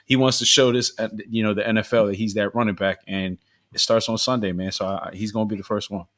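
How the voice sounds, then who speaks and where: A laid-back man gives his football take in a casual sports chat. His voice sits a little low. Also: steady tone, quick pace, a bit bright. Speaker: podcast panelist.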